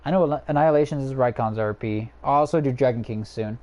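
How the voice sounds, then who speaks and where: A man's voice: medium pitch, quick pace, darkish tone. Profane young man ranting on a livestream. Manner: profane, ranting, lots of fillers and restarts. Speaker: livestream host ranking characters. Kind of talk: casual livestream rant.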